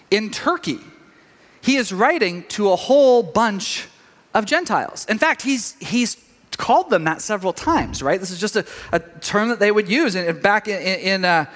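A middle-aged man preaching a sermon, telling a story with animated quoted voices. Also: high voice. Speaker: pastor. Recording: long reverb of a large hall.

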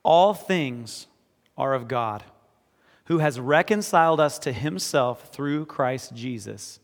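A man preaching a sermon as pastor, moving between quiet, earnest reading and emphatic exhortation. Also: medium pitch. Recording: echoey hall with long reverb.

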